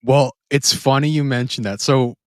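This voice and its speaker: A man's voice: steady tone, normal speed, no room sound, clean studio sound. A man co-hosting a podcast, chatting casually and enthusiastically about a movie he rewatched, laughing often and acting out funny lines. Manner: enthusiastic, laughs often, acts out quoted lines in high voices. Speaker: podcast co-host. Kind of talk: casual film review chat.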